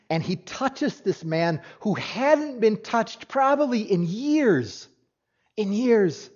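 A man preaching a sermon as pastor. He speaks earnestly, swings between loud emphasis and hushed tones, and often repeats a word as he restarts. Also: high voice. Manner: restarts with doubled words. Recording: dull lo-fi recording.

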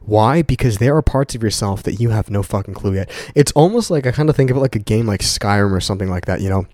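Speaking fast and animatedly in a lowish, slightly mellow voice, this young podcast host talks to his "guys" from home in a condo. His solo motivational show is casual, earnest, and profane, with words repeated for emphasis.

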